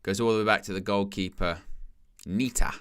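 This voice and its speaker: A man's voice: lowish voice, fairly even intonation, moderate pace, fairly bright tone, clear, resonant tone. A man hosting a live football watchalong, joking, laughing often and reading out the chat. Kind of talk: live match watchalong commentary.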